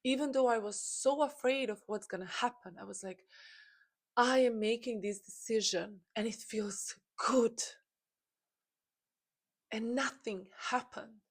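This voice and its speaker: A woman's voice: on the high side, measured pace, husky. Earnest woman, motivational. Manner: earnest and intense, with many restarts and repeated phrases. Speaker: spiritual content creator. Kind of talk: personal story, motivational talk.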